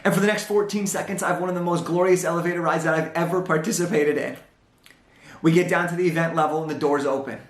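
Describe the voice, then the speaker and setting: High-voiced young man telling a story. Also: fast, echoey room. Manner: animated storyteller, acts out dialogue. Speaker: motivational speaker. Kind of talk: storytelling talk on stage.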